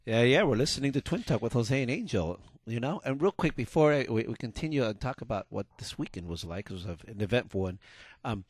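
A man's voice: medium pitch, expressive, fast talker, few pauses, no echo. A middle-aged man co-hosting a radio show, telling stories in a chatty way and often restarting his sentences. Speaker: radio co-host. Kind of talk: casual radio banter.

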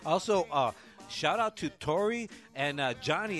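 Joking co-host. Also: male voice, a little high, animated, a little slow, fairly bright tone, soft background music. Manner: loose, joking, rambling with fillers. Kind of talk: casual podcast chat.

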